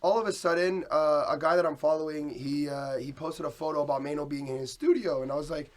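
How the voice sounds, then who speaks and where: A man cohosting a casual podcast, with a voice a bit higher than most men. He tells rambling stories in a loose, easygoing way. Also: fairly even intonation, fast.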